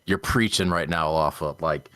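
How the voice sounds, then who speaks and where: A man with an extremely deep, low voice chats casually on a gaming podcast. He rants with emphasis and breaks into laughter as he goes. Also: normal speed, bright, forceful tone. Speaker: co-host.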